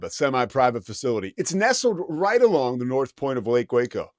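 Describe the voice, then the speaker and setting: A man hosting a sports talk show, chatting casually with a co-host and reading live sponsor spots in an animated, rambling way. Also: mid-range voice, brisk, hardly any pauses, no room sound, studio quality. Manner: animated, rambling, laughs at his own story. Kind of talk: casual talk-radio chat with live ad reads.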